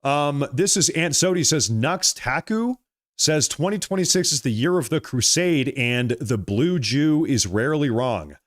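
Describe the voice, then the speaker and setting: A man's voice: fairly high pitch, lively intonation, unhurried. A man hosting a political livestream, reading viewer comments aloud and answering them in an emphatic, repetitive way. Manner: emphatic, repeats phrases, thanks viewers by name.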